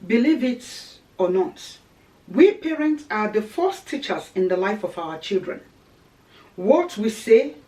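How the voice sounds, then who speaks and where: A woman's voice: fairly high pitch, darkish tone, distant mic, rough recording. A woman giving earnest, preaching-style marriage advice, repeating her key phrases for emphasis. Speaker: Christian teacher on marriage.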